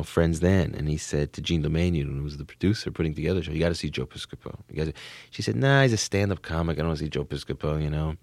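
A very low, gravelly male voice. He is a comedian from the New Jersey suburbs, rambling and excitable in an interview, and keeps tripping over restarts. The sound is dry and close. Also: no room sound. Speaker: comedian guest. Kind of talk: casual interview talk.

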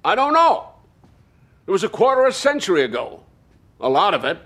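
An actor playing a domineering older media patriarch in a television drama, brusque and defensive with blunt, quick-fire lines. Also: male voice, high voice, very animated, a bit bright, heavily acted. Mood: defiant.

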